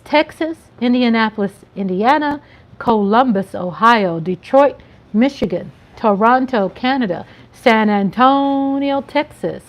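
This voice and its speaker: A chatty woman talks casually on her livestream. Her voice sits a little high and turns playful when she stretches out a greeting. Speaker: livestream host. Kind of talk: casual live-stream chat.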